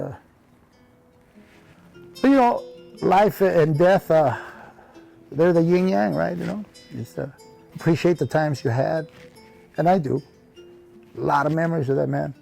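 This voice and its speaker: A man's voice: fairly high pitch, normal speed, gravelly, long pauses, mellow, soft background music. A male comedian reminiscing in an interview, rambling and heartfelt, often saying "you know" and acting out remembered conversations. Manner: acts out remembered dialogue in his telling. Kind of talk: reflective storytelling in conversation.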